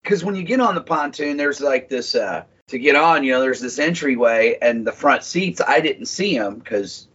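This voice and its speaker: Husky, rambling man on a podcast. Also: medium pitch, expressive, moderate pace, hardly any pauses, a bit bright. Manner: swearing, rambling storyteller. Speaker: podcast guest. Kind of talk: casual chat. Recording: dull lo-fi podcast audio.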